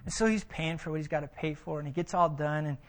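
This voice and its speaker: A man's voice: a little high, fairly even intonation, fast talker. A man preaching a sermon, emphatic and full of vivid storytelling. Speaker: pastor.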